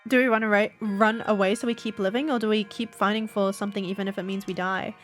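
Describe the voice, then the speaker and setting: During a voiced game playthrough, a slightly sick, stuffy-sounding woman dramatizes the dialogue, then slips into laughing, casual asides. Her voice is mid-range with fairly even intonation and a quick pace, over faint background music.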